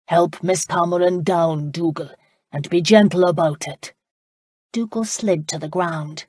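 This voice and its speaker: A woman with a low, husky, slightly mellow voice reads scripted narration as an audiobook narrator. The recording is clean studio sound with no room noise.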